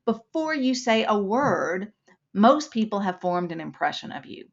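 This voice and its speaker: A woman's voice: medium pitch, very animated, a little slow, vocal fry, dull audio. A woman instructor giving a live webinar lesson, explaining points with acted-out examples.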